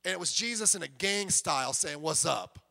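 High-voiced preaching man in a reverberant hall. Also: fairly quick, gravelly. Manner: animated preaching with sudden loud emphasis and quiet asides. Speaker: pastor. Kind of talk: sermon. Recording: long reverb of a church hall.

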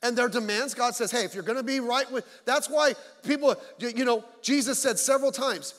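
Male pastor, very high voice, blunt joking sermon, long church reverb. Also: a little fast, hardly any pauses, a bit bright. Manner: blunt, joking, mocking asides. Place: church sanctuary.

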